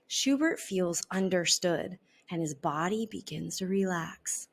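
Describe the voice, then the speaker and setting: A woman reading a children's storybook aloud in an expressive, unhurried way. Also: lowish voice. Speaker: storybook reader.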